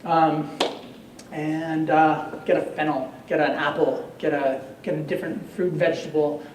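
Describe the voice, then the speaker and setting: A man's voice: on the high side, little pitch movement, a little slow. A man giving a chatty, joking live cooking demonstration to an audience, heard from a distance in an echoey hall. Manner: chatty, joking, lots of fillers. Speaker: chef giving a cooking demo. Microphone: far from the mic. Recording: echoey hall, distant mic, faint noise.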